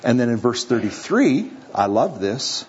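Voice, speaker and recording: A man gives a sermon to a live congregation in a church or hall, very animated as he acts out a story in playful voices. His mid-range voice has a darkish, slightly rough tone, and he keeps a measured pace. The recording is slightly dull, with faint room noise.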